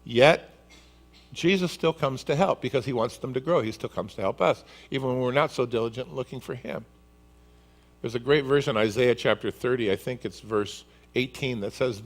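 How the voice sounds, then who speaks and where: Speaking at normal speed in a medium-pitched voice, this male pastor brings his sermon's story to life, acting out each scene as an animated storyteller.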